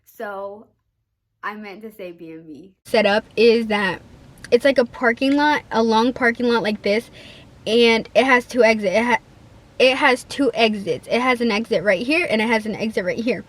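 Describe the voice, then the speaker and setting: A bilingual teenage girl from a Spanish-speaking home tells a casual storytime vlog, rambling and chatty, saying "like" constantly and acting out quoted lines. Her voice is a little high, at a moderate pace.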